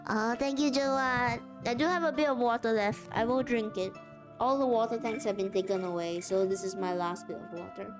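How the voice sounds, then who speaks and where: A woman's voice: fairly high pitch, steady tone, moderate pace, over music. A woman chatting casually on a live stream, rambling and laughing often.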